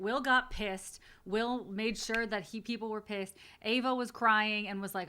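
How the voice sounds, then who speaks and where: Bright-voiced woman hosting a watch party. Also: medium pitch, measured pace, hardly any pauses. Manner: chatty, blunt, swears casually. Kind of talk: casual reaction commentary.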